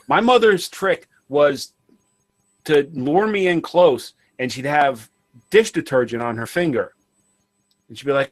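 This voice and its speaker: A man co-hosting a casual radio show, telling childhood stories in an animated way and acting out the people in them. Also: a little high, no room sound. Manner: animated, acts out quoted voices. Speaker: podcast co-host.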